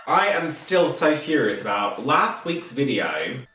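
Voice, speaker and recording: A woman's voice: extremely low pitch, very animated, measured pace, music in the background. A woman co-hosting a casual vlog, chatty, playful and sweary. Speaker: co-host. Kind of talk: casual chat.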